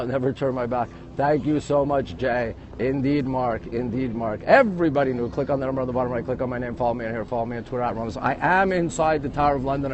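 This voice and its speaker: A man's voice: on the high side, darkish tone, slight background noise. A man giving a chatty live-streamed walking tour outdoors at a historic castle, greeting viewers and repeating himself, speaking into a handheld phone. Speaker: livestream tour guide. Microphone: phone held while walking.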